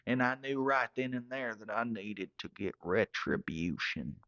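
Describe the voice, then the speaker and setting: A man's voice: on the low side, expressive, unhurried, bright, forceful tone, muffled recording. A man telling a rambling comedic story in a drawl, often correcting himself. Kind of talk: comedic monologue.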